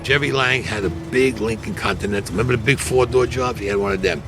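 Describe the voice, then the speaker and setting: A man's voice: mid-range voice, fast. A man in his seventies with a Brooklyn accent, bluntly and profanely telling his own story and acting out the voices of others. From Brooklyn, New York. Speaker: interviewee recounting his life. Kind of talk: recorded interview storytelling.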